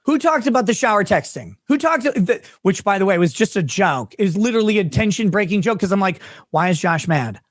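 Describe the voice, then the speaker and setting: A man's voice: sits high, sing-song, fairly quick, few pauses, dry recording. Angry man firing rhetorical questions. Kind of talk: heated argument.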